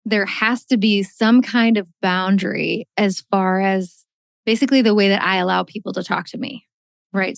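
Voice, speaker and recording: A middle-aged woman hosts a podcast interview, talking fast and warmly encouraging her guest. Her mid-range voice is recorded close and dry. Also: mid-range voice, gravelly, no room sound. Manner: quick, enthusiastic, affirming. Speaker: podcast host. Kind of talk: conversational interview.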